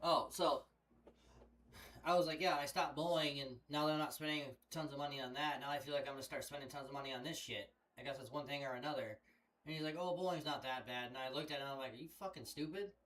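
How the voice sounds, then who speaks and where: A man's voice: mid-range voice, steady tone, quick pace, fairly bright tone. A young man chatting casually on a headset mic, telling a long rambling story full of swearing. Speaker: streamer. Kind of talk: casual chat.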